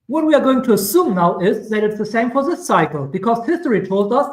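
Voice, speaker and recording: A man's voice: sits high, big pitch swings, brisk, echoey room, poor audio. A man with a German accent giving casual crypto chart commentary, rambling and correcting himself with chatty asides. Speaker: crypto streamer.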